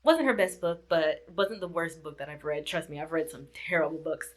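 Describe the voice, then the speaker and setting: A woman's voice: low voice, moderate pace. A woman reviewing a book in a casual vlog chat, repeating herself and laughing often. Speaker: book vlogger.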